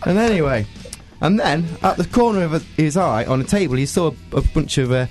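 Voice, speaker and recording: A man's voice: fairly high pitch, expressive, a little fast, a little mellow. A man co-hosting a podcast, chatting casually and fumbling with hesitant restarts and laughs. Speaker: podcast co-host. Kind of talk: casual chat. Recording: faint music bed behind.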